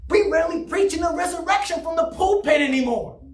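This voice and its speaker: A man preaching in a church, with a high, lively voice that often rises to a shout. His sermon rings around a roomy, echoey hall, and he sounds a little distant from the mic. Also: fast talker. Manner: emphatic, often shouting, plays with pitch; mocks a flat monotone preacher for effect. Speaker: pastor. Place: church sanctuary.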